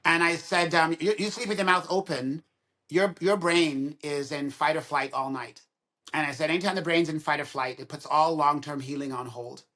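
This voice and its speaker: Bright-voiced dentist, animated storyteller. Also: male voice, on the high side, normal speed. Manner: animated storyteller who acts out both sides of quoted dialogue. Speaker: dentist, podcast guest. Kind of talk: casual podcast conversation, storytelling.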